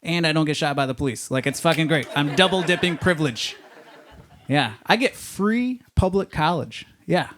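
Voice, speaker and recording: A man works a comedy club stage with a loose, rambling stand-up set, forever checking in with the crowd. His speaking voice sits a little high for a man. He talks into a handheld stage microphone. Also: animated, moderate pace, noisy background. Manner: rambling, conversational, leans on "you know what I mean".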